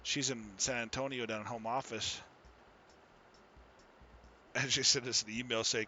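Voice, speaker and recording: Bright-voiced easygoing man streaming a game. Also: mid-range voice, fairly even intonation, normal speed, long pauses, dull audio, a little hiss or hum. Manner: chatty and easygoing, laughs often, talks to viewers. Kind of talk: casual live-stream chat.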